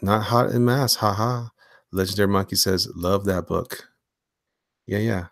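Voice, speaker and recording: A man hosting a casual live stream from his home studio while drawing, talking in slang and swinging between hyped greetings and low mumbles. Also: normal speed, vocal fry, no echo. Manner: animated, slangy, hyped one moment and mumbling low the next. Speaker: livestream host and comic illustrator.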